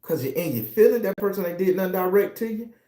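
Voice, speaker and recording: A man, a tarot reader, ranting in a casual monologue in a profane, animated, preachy way. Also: sits high, quick pace, roomy sound.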